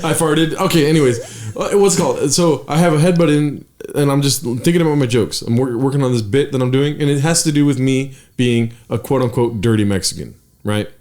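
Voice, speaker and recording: A man, a podcast co-host and stand-up comic, telling a story in casual chat, animated and swearing, with fillers and trailing sentences. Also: medium pitch, fairly quick.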